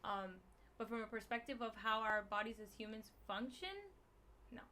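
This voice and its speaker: A woman with a Miami Spanish-English accent, a guest explaining diet in a casual podcast chat, animated and emphatic with slang. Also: fairly high pitch, moderate pace, a little hiss or hum. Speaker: guest, keto meal business owner.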